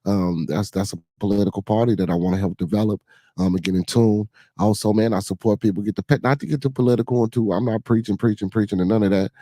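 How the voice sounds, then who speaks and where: A man with a Chicago accent hosts a casual livestream chat and rambles along with plenty of fillers. His voice sits low and mellow. The sound is dry and close, with no room around it. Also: no echo. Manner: loose and rambling, many fillers. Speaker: podcast host.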